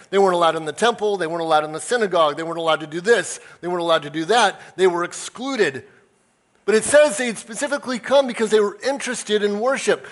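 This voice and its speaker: High-voiced male pastor, animated sermon. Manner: animated storytelling, acts out quoted voices; self-described nerd, conversational.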